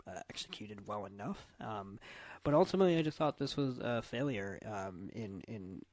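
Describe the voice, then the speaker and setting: A man co-hosting a film podcast, analytical and thoughtful, pausing often with filler words. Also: on the low side, animated, darkish tone, no echo. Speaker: podcast co-host. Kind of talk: casual film review chat.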